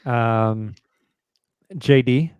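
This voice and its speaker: A man's voice: mid-range voice, steady tone, drawn-out words, clear, resonant tone, no room sound, dull audio. A man hosting a sports podcast, chatting casually, joking and reading sponsor spots. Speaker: podcast host. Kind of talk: casual chat.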